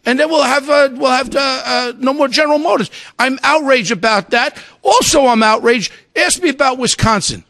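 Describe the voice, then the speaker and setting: A man with a strikingly high voice rants on a talk radio show, loud and outraged, hollering his points. The sound is close and dry, with no room around it. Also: normal speed, few pauses, no echo. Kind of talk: ranting talk radio commentary.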